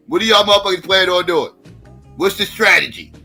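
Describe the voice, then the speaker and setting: A man's voice: high-pitched, brisk, pushed and bright, faint music behind. A man hosting a live stream in a blunt, profane, challenging way. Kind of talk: casual livestream talk.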